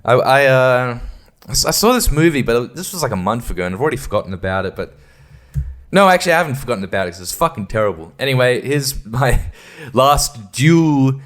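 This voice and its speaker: A man's voice: mid-range voice, expressive, fairly quick, fairly bright tone. A man hosting a podcast, ranting casually and profanely in an exasperated way. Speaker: podcast host.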